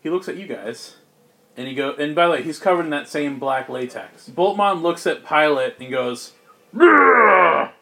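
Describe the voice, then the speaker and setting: A man's voice: fairly high pitch, moderate pace, fairly bright tone. A man narrating as game master in a tabletop game, loose and joking, with plenty of fillers.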